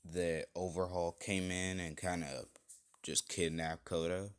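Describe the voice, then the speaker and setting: A man's voice: deep voice, flat delivery, unhurried, clean tone. A man casually retelling an improvised fan story, rambling with many fillers and self-corrections.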